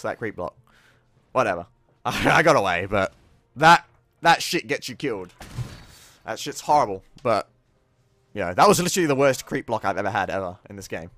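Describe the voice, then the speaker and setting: A man's voice: on the low side, a little fast, pauses often. Laid-back swearing young gamer guy. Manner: laid-back, swears freely, bursts into excited outbursts. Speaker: gameplay commentator. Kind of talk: casual gameplay commentary over footage.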